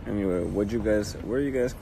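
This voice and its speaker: A man's voice: lowish voice, fast talker, creaky, mellow. A man hosting a casual phone livestream, rambling and joking as he greets viewers in a cafe. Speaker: livestream host. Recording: noisy phone livestream audio.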